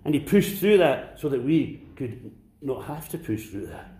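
A man preaching a sermon to a congregation, swinging between impassioned near-shouts and hushed whispers. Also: medium pitch, sing-song, unhurried, echoey room. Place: church.

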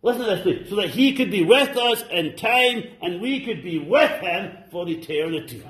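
Man, preacher, high voice, fervent sermon, exclaiming, echoey room. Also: lively intonation, normal speed. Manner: fervent, exclaiming and calling out to the congregation; shifts between loud exclamations and soft, low asides. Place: church service.

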